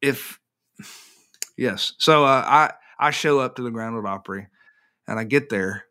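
A man, an author and interview guest, telling a personal story in an animated, self-deprecating way, often restarting his sentences. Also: mid-range voice, measured pace.

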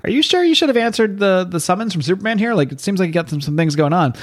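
A man's voice: high-pitched, lively intonation, fast talker, pitched above the performer's own voice. A man voicing a concerned female superheroine while retelling a comic.

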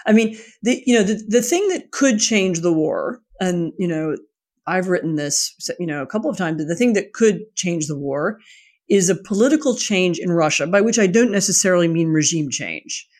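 A woman guest answering interview questions in a measured, thoughtful way, with many 'you know' fillers. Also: on the low side, lively intonation, darkish tone. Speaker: guest, writer.

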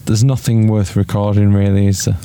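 A man's voice: lowish voice, flat delivery, a little fast, mellow, a little hiss or hum. A man, tipsy and hiccupping, chatting dryly with a friend outside a football ground. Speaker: podcast co-host. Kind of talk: casual chat with a friend. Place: outdoors near a football ground.

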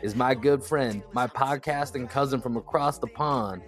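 A man hosting a sports podcast in casual, slangy, energetic chat, laughing often. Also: mid-range voice, normal speed, soft background music. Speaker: podcast host.

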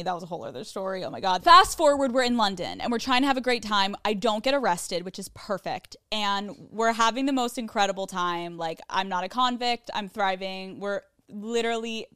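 A woman's voice: mid-range voice, brisk, few pauses, fairly bright tone, smooth, no room sound, studio quality. A woman hosting a solo podcast, telling a personal story in a casual, candid and profane way, full of chatty fillers. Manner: candid, profane, self-mocking. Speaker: podcast host.

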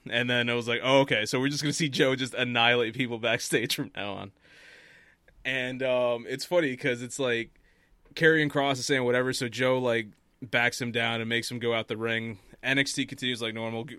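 A man hosting a casual chat show, telling stories in an animated way and laughing often. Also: mid-range voice, smooth, no echo.

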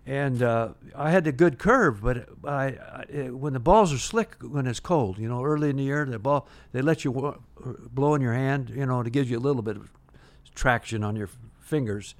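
An older man who used to pitch professionally spins long anecdotes during a casual interview. He speaks at a moderate pace, often restarting sentences and filling gaps with "uh."

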